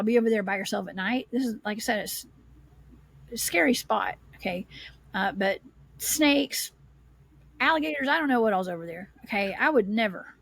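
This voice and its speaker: A woman, a paranormal investigator, telling her story as a guest in a casual podcast chat, animated and rambling. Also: on the high side, slightly rough, no room sound.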